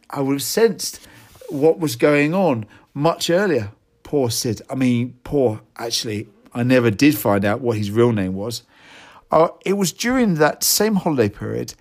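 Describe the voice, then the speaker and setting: A man reading his own reflective first-person story in a gentle, self-deprecating way, now and then correcting his own slips. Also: mid-range voice, lively intonation, moderate pace.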